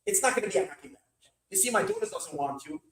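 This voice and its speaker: A hot-tempered rich father-in-law from a told story, pressing hard and bargaining, as a man voices him. The voice sits high and swoops widely in pitch. It rings out in an echoey room. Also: lively intonation, very fast, fairly bright tone, distant mic. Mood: persuading. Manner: pleading then bullying, emphatic. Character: wealthy middle-aged father-in-law, pushy and hot-tempered.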